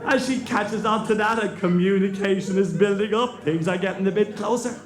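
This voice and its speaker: An Irish man doing a live stand-up routine, telling a story with deadpan pauses for laughs. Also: high-pitched. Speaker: stand-up comedian. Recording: echoey live venue with loud crowd.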